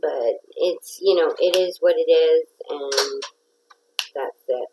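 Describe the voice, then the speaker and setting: A woman's voice: deep voice, slow pace, background noise. A nasal woman hosting a casual craft livestream, chatting and greeting viewers by name.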